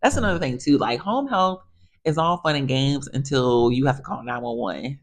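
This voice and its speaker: Low-voiced chatty woman therapist. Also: normal speed. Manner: chatty, animated, addresses viewers as y'all. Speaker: physical therapist. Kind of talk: casual storytelling monologue.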